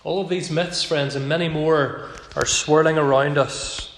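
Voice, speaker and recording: A man preaching a sermon as pastor, earnest, slowing down to stress key phrases. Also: a little high, steady tone, slight background noise. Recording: echoey hall with long reverb.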